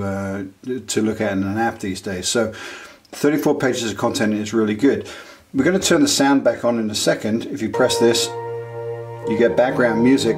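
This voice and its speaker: A man gives a casual, halting walkthrough of an app, pausing on fillers as he goes. Faint music plays underneath. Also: mid-range voice. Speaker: app reviewer.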